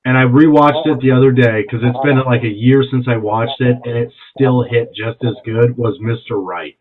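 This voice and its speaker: A young man in casual podcast chat, excitable and profane, retelling movie scenes with quoted voices. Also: mid-range voice, moderate pace. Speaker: podcast co-host. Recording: dull lo-fi sound with faint noise.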